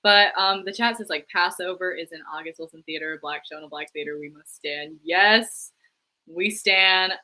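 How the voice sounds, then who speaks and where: Young woman chatting about theater, bright voice, kinda low, says like a lot. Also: moderate pace, poor audio. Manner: chatty, lots of "like", laughs easily. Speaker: co-host. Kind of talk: casual chat about theater news.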